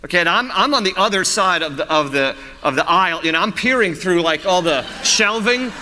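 Bright-voiced male preacher in a reverberant hall. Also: sits high, animated, brisk, slight background noise. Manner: storytelling with humor, chuckles. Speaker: pastor. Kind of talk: sermon.

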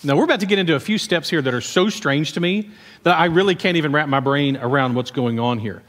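A man preaching a sermon, telling the story in a conversational, animated way with asides to the congregation. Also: fairly high pitch, fast talker, big-room sound. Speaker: pastor.

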